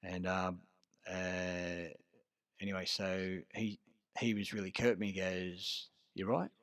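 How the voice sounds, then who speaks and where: An Australian man telling a rambling story in a casual monologue, swearing often and pausing on fillers. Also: low voice, flat delivery, fairly bright tone, no room sound. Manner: rambling and profane, full of filler words. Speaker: vlogger.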